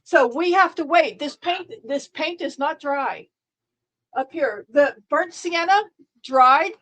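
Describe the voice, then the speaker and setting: A middle-aged woman talks to her live-stream viewers in a loose, rambling way. Her voice sits a little high. She restarts her sentences often and keeps a dry, sarcastic edge. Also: slow, a bit bright, poor audio. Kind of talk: casual live-stream chat.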